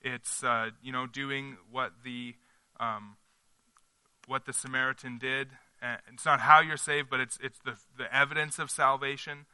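A man's voice: mid-range voice, level tone, a little slow, pushed and bright, smooth, dry recording. A man preaching a conversational sermon at a church service, earnest and emphatic, working through his points as he thinks aloud. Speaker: pastor.

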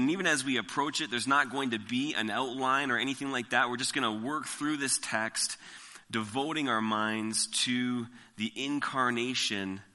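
A man preaching an expository sermon, reading scripture slowly and with emphasis, then explaining it verse by verse. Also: on the low side, pushed and bright, big-room sound. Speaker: pastor.

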